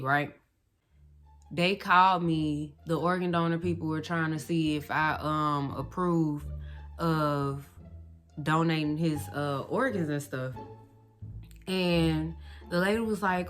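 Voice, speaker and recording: A woman's voice: on the low side, fairly even intonation, a little slow, fairly bright tone, faint music behind. A young woman vlogger telling a story in a casual, blunt, profane way.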